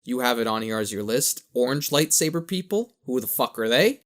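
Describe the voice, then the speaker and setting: A man's voice: medium pitch, expressive, a little fast, fairly bright tone. A man co-hosting a podcast in casual chat, rambling and correcting himself, with a slight lisp. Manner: rambling, self-correcting, laughs at own jokes. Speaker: podcast co-host.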